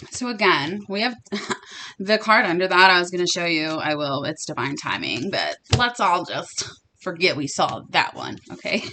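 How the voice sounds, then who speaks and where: Young woman tarot reader; casual, earnest, emphatic delivery, middle pitch. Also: pushed and bright, slight background noise. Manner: earnest and emphatic, repeats phrases. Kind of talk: casual tarot reading to viewers.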